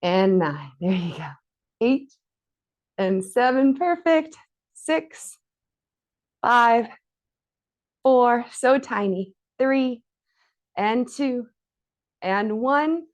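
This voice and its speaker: A woman's voice: fairly high pitch, animated, drawn-out words, pauses often. A woman leading a guided floor workout, counting reps aloud and encouraging, a little out of breath from exercising along. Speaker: fitness instructor.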